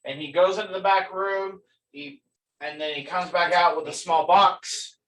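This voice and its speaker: Man narrating as game master, a bit high. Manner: relaxed, halting, many ums.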